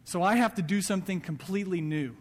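A man's voice: high-pitched, fast talker, in a large hall. A male pastor preaching a sermon in a casual, conversational way, acting out quoted lines. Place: church sanctuary.

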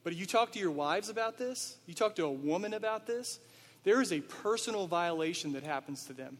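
A man's voice: sits high, lively intonation, a little fast, in a large hall. A man, a pastor, preaching a sermon in a conversational way, asking his listeners rhetorical questions.

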